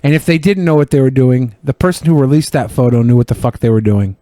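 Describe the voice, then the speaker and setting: A man's voice: mid-range voice, quick pace, mellow, dry recording. A man hosting a podcast, talking in blunt, profane and rambling casual commentary. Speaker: podcast host.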